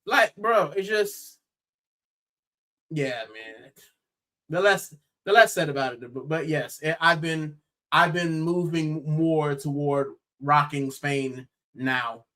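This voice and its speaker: Young American male co-host, bright forceful tone, excitable, chatty sports banter. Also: a little high, takes it slowly. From United States. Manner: animated, exclaiming, says bro often. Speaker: podcast co-host. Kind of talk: casual football chat.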